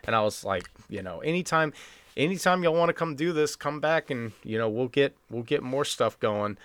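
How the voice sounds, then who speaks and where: A man's voice: medium pitch, lively intonation, normal speed, fairly bright tone, clear, resonant tone, no echo. A man hosting a casual podcast chat, rambling with lots of fillers and restarts. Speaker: podcast host.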